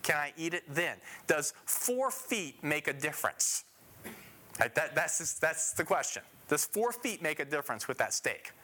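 A man with a fairly high, bright and forceful voice teaches scripture verse by verse. He leans on repeated phrases for emphasis. He puts questions to his listeners and then answers them himself. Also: very animated, measured pace, slight background noise. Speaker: Bible teacher.

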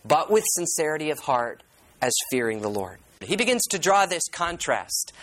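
A man's voice: a little high, a bit bright, poor audio. A man preaching a sermon as pastor. He reads scripture aloud, explains it verse by verse, repeats key words and puts questions to the congregation.

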